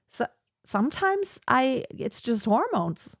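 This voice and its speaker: A woman's voice: medium pitch, expressive, normal speed, no echo, clean studio sound. A woman hosting a podcast, talking through advice in a casual, reflective way and filling her speech with "like.". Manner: chatty, reflective, heavy use of "like". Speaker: podcast host.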